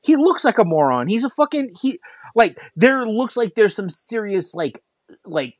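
He's a podcast co-host whose voice sits high, and he's very animated while keeping a normal speed. In casual conversation he rants, swears repeatedly and drops "like" everywhere. The sound is dry.

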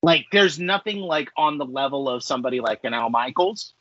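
A man's voice: medium pitch, brisk, a bit bright, dry recording, muffled recording. A man in his forties co-hosting a podcast, talking in a rambling casual way full of filler words and ranting. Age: 40s. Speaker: podcast co-host. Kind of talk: casual chat.

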